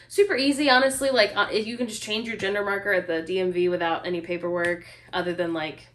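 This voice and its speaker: A woman vlogger chatting casually, telling a story full of fillers and quoting people in a higher voice. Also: steady tone, fast, a bit bright, slight background noise. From United States. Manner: chatty, lots of fillers, mimics other speakers with a higher voice.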